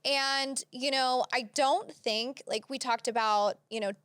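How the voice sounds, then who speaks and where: A woman's voice: high-pitched, fairly even intonation, measured pace, a bit bright, smooth, no echo, studio quality. A young adult woman hosting a podcast, talking bluntly in casual chat with lots of "like" and "you know". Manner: blunt, filler-heavy, says "like" often. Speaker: podcast host.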